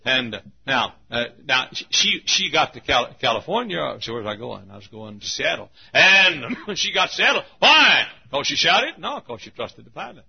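An older man preaching a folksy sermon, telling stories, often laughing mid-sentence and breaking into sudden shouts. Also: a little high, sing-song, moderate pace, vocal fry, few pauses, slightly rough. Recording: dull lo-fi sermon recording.

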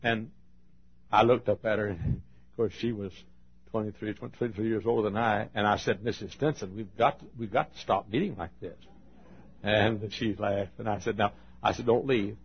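A man preaching a sermon, telling folksy stories and swinging between loud and hushed delivery. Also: fairly low pitch, normal speed, breathy edge, highs cut off. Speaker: pastor. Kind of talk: sermon storytelling.

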